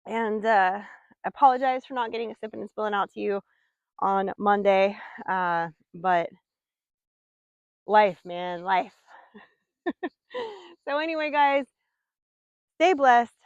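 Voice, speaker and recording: A woman in her forties chatting casually outdoors on her farm as a vlogger, rambling from topic to topic and cooing softly to her animals. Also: fairly high pitch, dry recording, muffled recording. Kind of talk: casual chat.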